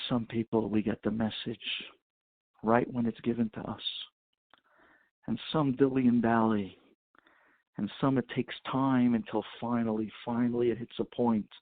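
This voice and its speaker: A rabbi preaching over a phone conference line, telling a moving story with passion. His voice is gravelly and a little husky. The sound is thin and phone-like, with no room echo. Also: mid-range voice. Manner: impassioned storytelling, Hebrew and Yiddish terms. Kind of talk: sermon storytelling.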